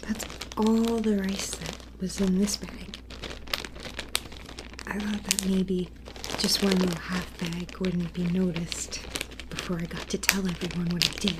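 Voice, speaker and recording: A clumsy, well-meaning young elf girl, as a woman whispers her in a slow, hushed role-play, forever apologizing as she fusses. Her soft voice sits close to the mic, over a clear hiss and crinkling crunch behind it. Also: lowish voice, level tone, close to an everyday voice. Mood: sheepish.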